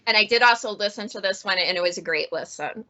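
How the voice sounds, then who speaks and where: A woman's voice: mid-range voice, quick pace, sharp tone, highs cut off. A woman librarian chatting casually about funny books she has read, laughing often as she talks. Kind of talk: casual book review chat.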